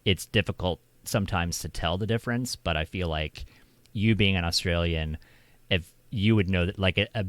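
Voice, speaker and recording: An American man with a low, deep voice, talking casually on his stream. He wanders through ideas with plenty of restarts, and the sound is close and dry. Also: moderate pace, no room sound. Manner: rambling, restarts often. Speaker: streamer host. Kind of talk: casual chat.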